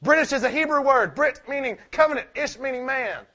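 A man preaching a sermon, swinging from loud emphatic points to quiet asides and asking rhetorical questions he answers himself. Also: very high voice, expressive, a little fast.

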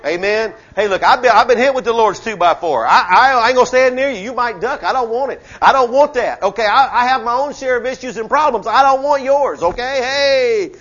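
High-voiced fervent male preacher. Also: fairly quick, few pauses, fairly bright tone, lo-fi sound. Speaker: pastor. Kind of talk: sermon. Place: church service.

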